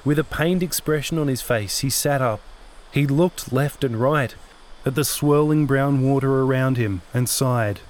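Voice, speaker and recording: A man narrating his own novel-length audio story in a steady, scripted reading. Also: mid-range voice. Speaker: narrator and author.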